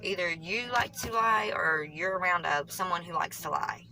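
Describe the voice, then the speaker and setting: A woman with a Southern US country twang, reading tarot cards for viewers in a fast, rambling way, often correcting herself mid-sentence. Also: fairly low pitch, bright, forceful tone, poor audio. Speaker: tarot reader.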